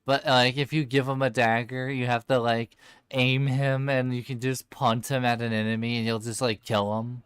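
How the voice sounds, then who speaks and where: A man's voice: mid-range voice, flat delivery, moderate pace, fairly bright tone, smooth, no echo. A man in casual gaming chat, rambling and laughing, with many fillers as he plays. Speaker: game streamer.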